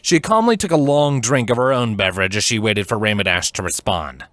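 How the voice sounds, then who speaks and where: Low-voiced man reading a story. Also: dry recording. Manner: measured, steady storytelling. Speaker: fanfiction reader. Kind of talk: scripted narration.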